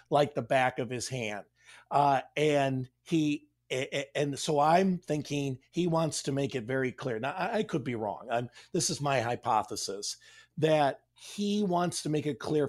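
Emphatic middle-aged pastor explaining scripture. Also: male voice, medium pitch, a little mellow. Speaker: pastor, Bible study host. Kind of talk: conversational Bible study discussion.

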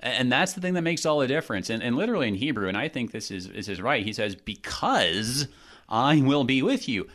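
A man co-hosting a Bible discussion, talking casually and acting out the people in the text with lively quoted voices. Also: medium pitch, fast talker, hardly any pauses. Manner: animated, acts out quotes, many restarts. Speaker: Bible study podcast co-host. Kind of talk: conversational Bible teaching.

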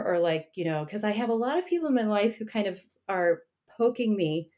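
A woman's voice: mid-range voice, lively intonation, brisk, few pauses, darkish tone. A married woman telling her faith story as an interview guest, earnest and reflective, with frequent light laughter between thoughts.

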